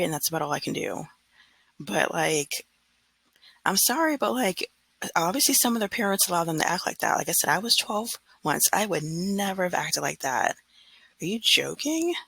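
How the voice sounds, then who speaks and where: A woman's voice: sits low, gravelly, bright, forceful tone, slightly rough, dry recording, rough recording. A woman in her thirties, a substitute teacher, venting casually and acting out what she told her class. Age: 30s. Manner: exasperated, retells scenes with quoted dialogue.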